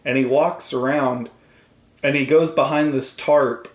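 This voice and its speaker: A man's voice: mid-range voice, measured pace. Casual guy on a podcast, rambling and cussing, a bit of room echo. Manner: rambling, animated, swears a lot, acts out quoted voices. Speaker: podcast co-host. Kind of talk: casual chat. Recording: roomy echo.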